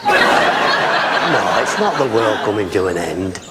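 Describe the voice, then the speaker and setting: A man's voice: on the low side, big pitch swings, slow pace, background noise. A man playing an ordinary, earnest man who tells a puzzling story with solemn care in a sitcom. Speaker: local man telling a story. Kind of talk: sitcom acting.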